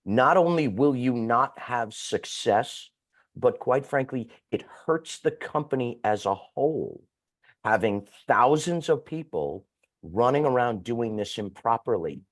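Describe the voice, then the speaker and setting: A man speaking as a guest sales coach who talks fast, bluntly and with some swearing. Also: medium pitch, lively intonation. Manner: fast-talking, blunt and profane.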